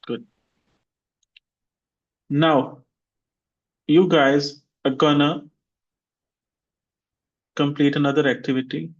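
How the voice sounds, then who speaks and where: Guy teaching english over a call, says words slowly over and over, kinda muffled sound. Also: on the high side, steady tone. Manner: slow, deliberate repetition of words for students. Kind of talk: online class drilling pronunciation.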